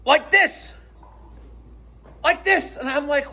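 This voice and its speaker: A man telling a profane, animated story in a casual vlog rant. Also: sits high, unhurried, husky. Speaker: internet personality.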